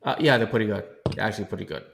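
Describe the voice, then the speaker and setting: A man from Puerto Rico co-hosting a podcast, chatting in a relaxed, halting way. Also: lowish voice, creaky, a little hiss or hum. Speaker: podcast co-host. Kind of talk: casual podcast chat.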